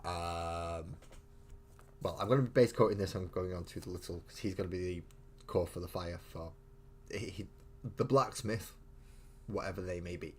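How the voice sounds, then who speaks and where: A man with a deep, low voice hosts a casual live stream from his home hobby room. He rambles and thinks aloud, often breaking off and restarting mid-sentence. A faint hum sits behind him. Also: moderate pace, long pauses. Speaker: host of a live miniature-painting stream.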